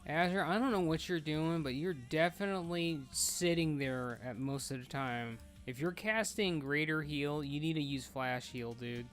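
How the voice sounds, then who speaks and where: A man's voice: fairly high pitch, normal speed, hardly any pauses, faint music behind. Blunt, cursing male raid leader. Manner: blunt, profane, bossy instructions to teammates. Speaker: raid leader streaming an online game. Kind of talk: casual live gaming chat.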